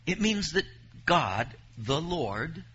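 A man's voice: on the high side, very animated, slow pace, pushed and bright, dull audio, a little hiss or hum. A man preaching a sermon, reading scripture aloud and pressing his points with emphasis.

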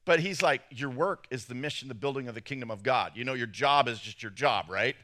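A man preaching a sermon as pastor, telling a story with big swings between loud bursts and hushed moments. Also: medium pitch, brisk.

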